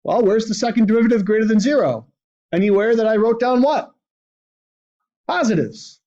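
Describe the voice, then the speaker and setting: A male math teacher speaks at a moderate pace with a high, mellow, animated voice, leaving long pauses. He checks in with the class constantly, asking "right?", and the recording is dull and lo-fi.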